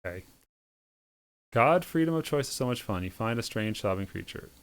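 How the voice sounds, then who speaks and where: A man reading a visual novel aloud with sardonic, deadpan asides. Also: medium pitch, clean tone. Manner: sardonic, quick deadpan delivery with snarky asides. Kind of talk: reading game text aloud with comic asides.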